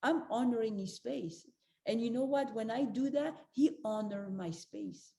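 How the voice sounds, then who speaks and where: A woman's voice: fairly high pitch, unhurried, warm tone. An older woman giving a motivational talk as a spiritual life coach, earnest and direct, repeating her key advice to the listeners. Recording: roomy echo.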